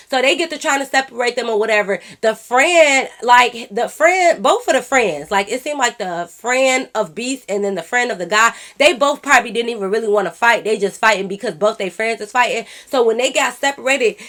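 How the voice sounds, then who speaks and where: Animated storytelling young woman, high voice. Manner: animated, profane, talks straight to viewers. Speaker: YouTuber telling a story. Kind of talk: casual storytime.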